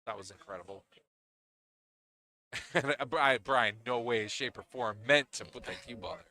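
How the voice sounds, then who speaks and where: A man's voice: medium pitch, normal speed, bright, forceful tone. A man with a Northeastern Pennsylvania accent giving chatty live commentary on a pool match, often laughing and restarting his phrases.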